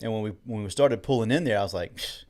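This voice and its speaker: Guy in his middle years, talks quick and kinda low, rambling story with lots of quoted back and forth. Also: darkish tone. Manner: rambling, quotes others in dialogue. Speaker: co-host. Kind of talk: casual storytelling chat.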